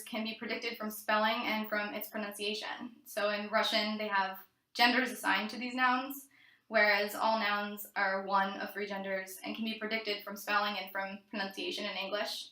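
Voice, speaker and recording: A woman's voice: mid-range voice, pushed and bright, roomy sound, low-quality recording. A woman giving a read-aloud class presentation, reading from notes with occasional fillers and restarts. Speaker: student presenter.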